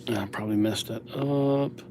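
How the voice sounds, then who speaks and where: A man's voice: on the low side, normal speed, mellow, a little hiss or hum. Chatty young man on a livestream. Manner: chatty, self-mocking, reads viewer names aloud, acts out little scenes. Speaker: livestream calligrapher. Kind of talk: casual livestream chat with viewers.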